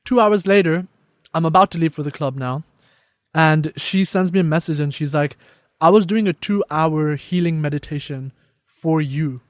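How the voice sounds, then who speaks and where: A young man guest on a podcast, telling his story in casual conversation and acting out quoted dialogue with lively shifts. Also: fairly high pitch, moderate pace, dry recording, studio quality. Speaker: podcast guest, life coach.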